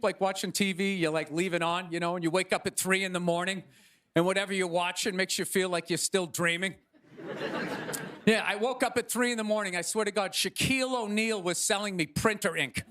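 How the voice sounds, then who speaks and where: A male stand-up comedian doing a sarcastic, ranting set on stage, with loud bursts. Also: high voice. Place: comedy stage before a live audience. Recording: live club recording with audience laughter and noise.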